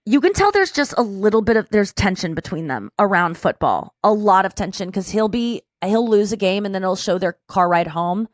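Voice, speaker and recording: A woman's voice: mid-range voice, big pitch swings, normal speed, few pauses, no room sound, clean studio sound. A woman hosting a podcast, chatting casually and retelling a story in a rambling way, with plenty of restarts. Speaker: podcast host. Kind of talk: casual chat.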